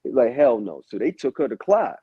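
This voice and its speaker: Laid-back and very animated, a male musician guesting on a podcast swears and acts out others' words as he tells his stories. His mid-range voice is husky and brisk, captured in dull lo-fi audio with no room sound.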